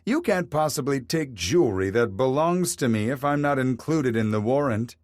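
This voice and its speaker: A man's voice: mid-range voice, expressive, normal speed, darkish tone, no room sound, studio quality, pitched above the performer's own voice, close to an everyday voice. A man voicing a furious, betrayed wealthy wife who demands the truth in a raised, accusing voice. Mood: outraged.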